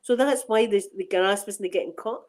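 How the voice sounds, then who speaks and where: A woman's voice: medium pitch, normal speed, darkish tone, rough recording. A middle-aged Scottish woman hosting a casual chat on her ASMR channel, rambling and laughing often.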